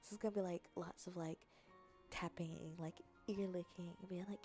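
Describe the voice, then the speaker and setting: A woman's voice: lowish voice, fairly even intonation, normal speed, warm tone. A woman streamer in casual, rambling chat, teasing and joking as she reads comments aloud. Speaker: VTuber streamer. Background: faint background music.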